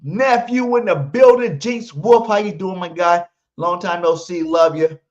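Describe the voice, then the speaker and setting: A man's voice: high-pitched, unhurried. Hyped-up man, lo-fi audio. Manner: brash, emphatic, repeats his promises. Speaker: podcast host. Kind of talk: hyped live pregame stream, reading chat. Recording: muffled lo-fi stream audio.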